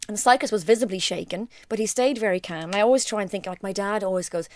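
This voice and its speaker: Brisk woman telling a story. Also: medium pitch, no echo. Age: adult. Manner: brisk storyteller, acts out quoted lines. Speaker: podcast co-host. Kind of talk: casual anecdote telling.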